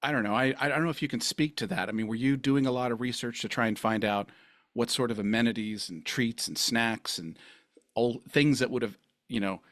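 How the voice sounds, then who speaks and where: A man's voice: medium pitch, brisk, fairly bright tone, no echo, clean studio sound. A man hosting a podcast interview, rambling and effusive in his praise. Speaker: podcast host. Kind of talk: casual interview chat.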